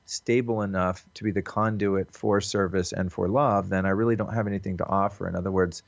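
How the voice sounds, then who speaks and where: Low-voiced earnest man on a call. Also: steady tone, a little fast, creaky, no room sound. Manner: earnest, reflective, loose with swearing. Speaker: podcast guest. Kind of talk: casual reflective interview. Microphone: call recording. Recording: dull, lo-fi call audio.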